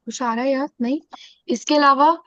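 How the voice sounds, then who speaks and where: A woman's voice: high voice, steady tone, sharp tone, dry recording. Indian woman teaching French phrases. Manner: mixes Hindi into English teaching, repeats French phrases slowly. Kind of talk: online classroom lesson. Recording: dull, dry lo-fi sound.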